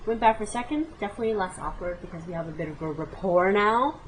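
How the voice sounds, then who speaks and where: A woman in her late twenties tells a funny story about her own life straight to the camera. She is animated and dramatic, tossing in exclamations and side remarks to the viewer. Her pitch sits in the middle range, with a faint hum of noise behind her. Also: fast, hardly any pauses, poor audio. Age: 20s. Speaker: vlogger. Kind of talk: comic personal storytelling to camera.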